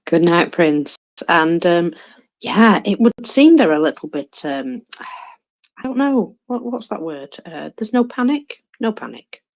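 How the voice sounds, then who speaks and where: A woman's voice: fairly low pitch, sing-song, unhurried. A woman hosting a casual online audio chat, chatty and searching for words. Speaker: host.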